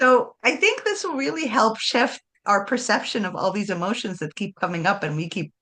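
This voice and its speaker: Animated bright-voiced woman. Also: mid-range voice, a little fast. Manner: animated, laughs often, acts out voices. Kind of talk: casual spiritual chat.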